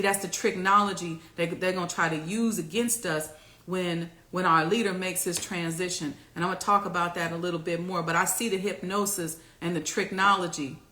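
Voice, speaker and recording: A woman hosting a casual talk to camera, preaching and rallying her viewers with loud, repeated exhortations. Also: fairly low pitch, roomy sound. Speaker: host.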